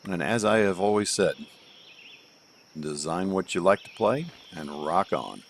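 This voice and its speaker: Guy streaming a golf game from home, lowish voice, rambly and jokey, crickets faintly in the back. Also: lively intonation, measured pace, a little hiss or hum. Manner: rambling, joking, thinks aloud with fillers. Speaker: streamer reviewing user-made golf courses. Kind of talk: casual live game commentary.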